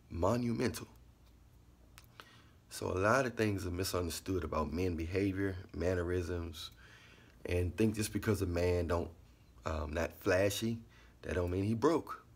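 Man, low husky voice, relaxed repetitive monologue. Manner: laid-back, repetitive, drops into quiet asides. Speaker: vlogger giving life commentary. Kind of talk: casual monologue.

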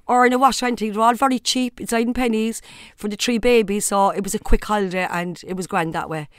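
Irish mother telling a lively anecdote. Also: medium pitch, quick pace, dry recording, clean studio sound. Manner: animated anecdote-telling with blunt, salty asides. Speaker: guest, the host's mother. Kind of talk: casual storytelling on a podcast.

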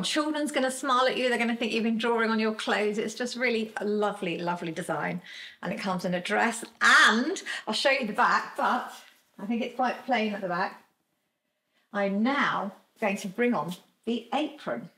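A woman's voice: medium pitch, bright, forceful tone. A woman gushing over clothes in a chatty try-on review, talking straight to her viewers with playful delight. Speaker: fashion vlogger. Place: outdoors in a garden with a picnic.

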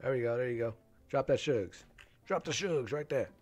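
A chatty man in his thirties hosts a live game stream, reading viewer names from the chat as he plays. His voice sits at an ordinary middle pitch. Faint music plays underneath. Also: animated, normal speed, a little mellow.

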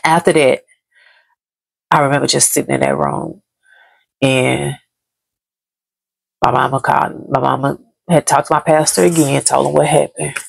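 A woman's voice: rumbling low, steady tone, moderate pace, creaky, long pauses, breathy edge, dry recording. A woman from Dallas, telling a painful personal story on her vlog in a heavy, repetitive, grief-laden way. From Dallas, Texas. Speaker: vlogger. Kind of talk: emotional story time.

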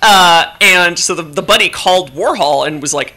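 Bright-voiced woman, chatty panelist. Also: fairly low pitch, moderate pace, few pauses. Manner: chatty, animated storytelling with frequent fillers. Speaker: convention panelist and moderator. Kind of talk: casual panel discussion. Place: convention panel room.

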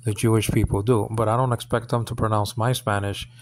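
A man's voice: on the low side, little pitch movement, a little fast. An American man giving an informal lesson on biblical Hebrew, rambling with lots of fillers, restarts and self-corrections, and often checking in with his listeners. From United States. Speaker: Bible teacher. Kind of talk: informal teaching on Hebrew text.

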